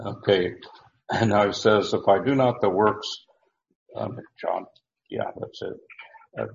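A man teaching a Bible study, reading verses aloud and explaining them in a halting way, full of fillers and restarts. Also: on the low side, gravelly. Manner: reads verses aloud, then explains the Greek words. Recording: roomy, dull lo-fi recording.

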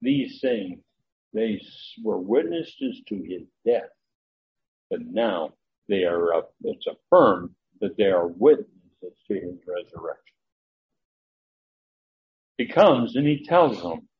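This man has a deep voice with lively intonation, speaking slowly and pausing often. He teaches scripture as a sermon, rambling conversationally with frequent fillers. The recording is dull and lo-fi, with faint ambience in the background.

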